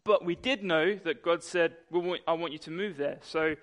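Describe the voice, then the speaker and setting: A young man preaching a sermon, telling a personal story in a lively way and acting out the voices in it. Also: fairly high pitch, normal speed. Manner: animated storytelling, acts out voices. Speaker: pastor.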